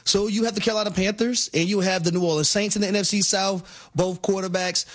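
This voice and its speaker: A man co-hosts a sports talk radio show with a fairly high voice. He breaks down the games in a measured tone, often repeating words to stress a point. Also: fairly even intonation.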